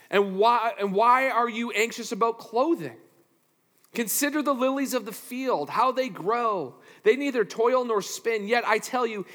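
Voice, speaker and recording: A man preaching a sermon as a pastor, animated and playful, swinging from loud to hushed with self-deprecating asides. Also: sits high. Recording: reverberant hall.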